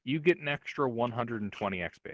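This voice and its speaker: A man's voice: mid-range voice, quick pace, no echo, muffled recording. Game master, male, laid-back and jokey, mid-range voice, casual chat. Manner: relaxed, joking, thinks aloud.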